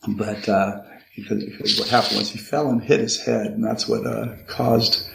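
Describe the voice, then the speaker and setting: An older man, a podcast guest, earnestly telling a personal story about his father, halting often with repeated restarts. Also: lowish voice, level tone, gravelly, fairly bright tone, slight background noise. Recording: echoey room. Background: card shuffling.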